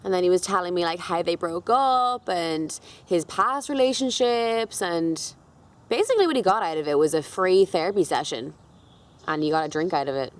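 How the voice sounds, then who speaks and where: A woman's voice: fairly low pitch, animated, moderate pace. A young woman, casually telling a dating story to camera, full of fillers and swearing. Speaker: beauty vlogger.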